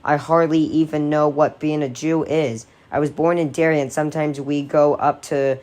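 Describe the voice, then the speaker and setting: A woman reading the lines of a quiet, matter-of-fact boy. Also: low voice, fairly even intonation, normal speed, close to an everyday voice.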